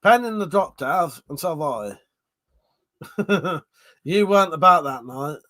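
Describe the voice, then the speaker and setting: A man's voice: high voice, expressive, measured pace, bright, forceful tone, no echo. A man hosting a livestream, casually chatting, reading viewer comments and laughing often through crude banter. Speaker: livestream host.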